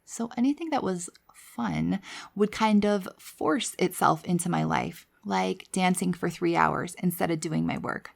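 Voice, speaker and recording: A woman hosting a podcast, telling her personal story in a candid, conversational way with quiet asides. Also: on the low side, unhurried, creaky. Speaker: podcast host.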